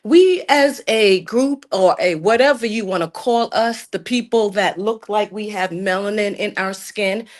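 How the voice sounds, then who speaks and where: A middle-aged Jamaican woman phones in to a talk stream and argues with emphatic indignation, calling the host "sir" again and again. Her voice is medium-pitched, her pace measured, with few pauses.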